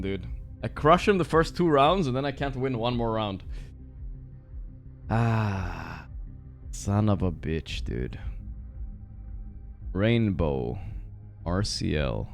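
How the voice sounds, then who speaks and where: A man streaming a game, chatting casually with his viewers, swearing freely and reacting out loud. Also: on the low side, gravelly. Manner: swears freely, reacts loudly, talks to chat. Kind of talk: casual livestream chat while gaming.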